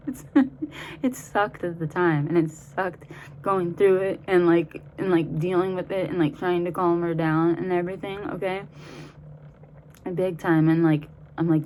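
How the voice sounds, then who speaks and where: Brief: young woman in her twenties, lowish voice, casual swearing storyteller, faint background noise. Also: steady tone, normal speed, darkish tone, rough recording. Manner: profane, rambling, laughs while telling. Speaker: vlogger.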